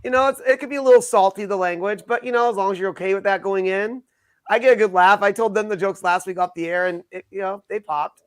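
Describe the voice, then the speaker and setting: A man co-hosting a casual podcast, chatty and joking, full of quick asides. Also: high-pitched, steady tone, clear, resonant tone, no room sound, studio quality. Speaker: podcast co-host. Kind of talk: casual chat.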